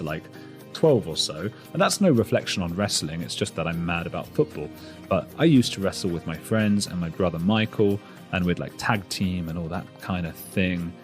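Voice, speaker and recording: A man hosting a podcast, giving a chatty, rambling solo introduction with self-deprecating asides. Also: sits low. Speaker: podcast host.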